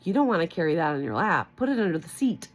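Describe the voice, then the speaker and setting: Woman reading as a bus conductor, man, brisk, lively pitch.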